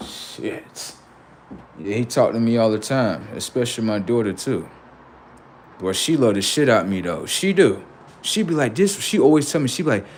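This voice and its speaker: A middle-aged man rambling profanely to his livestream about his kids, acting out what they say in lively quoted voices. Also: lowish voice, moderate pace, a little hiss or hum. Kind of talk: casual monologue to a livestream audience.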